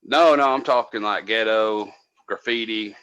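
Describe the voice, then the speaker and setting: A man from North Georgia, a podcast co-host telling a casual, profane story from his days as a cable tech, loudly acting out what people said. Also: fairly low pitch, measured pace, smooth, no echo, poor audio. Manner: profane, animated, acts out quotes loudly.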